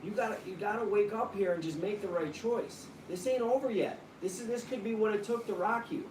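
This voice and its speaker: A woman's voice: mid-range voice, fairly quick, darkish tone. A woman on a phone call, talking earnestly and urging someone to make a choice. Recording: roomy room, distant mic, faint noise.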